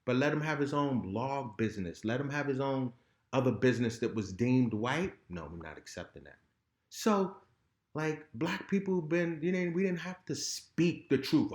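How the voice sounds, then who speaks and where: A man talking candidly as a podcast guest, blunt and heated, with frequent swearing. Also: mid-range voice. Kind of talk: raw candid conversation. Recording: roomy echo.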